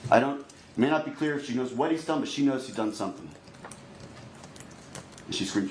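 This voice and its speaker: A male prosecutor delivering a deliberate opening statement to a jury, repeatedly addressing the jurors directly. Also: medium pitch, animated, a little mellow. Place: courtroom. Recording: echoey courtroom recording, faint noise.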